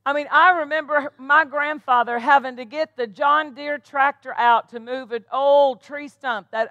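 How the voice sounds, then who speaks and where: A woman pastor delivers a sermon in a high, bright voice. She preaches emphatically and keeps asking her listeners rhetorical questions. The sound is close and dry. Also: no room sound, dull audio.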